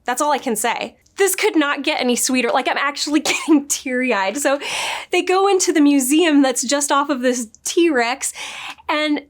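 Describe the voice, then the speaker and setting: A woman's voice: high voice, normal speed. A woman in her thirties casually reviewing a TV episode, chatty and gushing, acting out the characters' lines in her own voice. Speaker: show reviewer.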